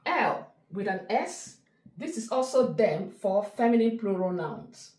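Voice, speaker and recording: A woman tutor walks through a French grammar lesson at an unhurried pace, carefully pairing each word with its meaning. Her pitch moves up and down a lot as she stresses points. The sound has a noticeable roomy echo. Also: animated, a little mellow. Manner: slow, deliberate teaching delivery, spelling out word pairs. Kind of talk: explanatory language lesson.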